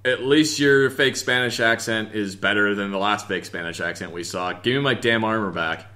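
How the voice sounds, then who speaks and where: A man's voice: on the low side, moderate pace, bright, forceful tone. A man chatting sarcastically with friends while playing a video game. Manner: sarcastic, teasing. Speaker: game player. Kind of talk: casual gaming chat.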